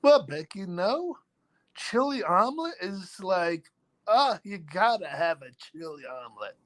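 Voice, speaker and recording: A man's voice: high-pitched, big pitch swings, measured pace, a bit bright. A man hosting a casual live chat, reading out viewers' names, joking about himself and laughing often. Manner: laughs often between lines. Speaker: live stream host.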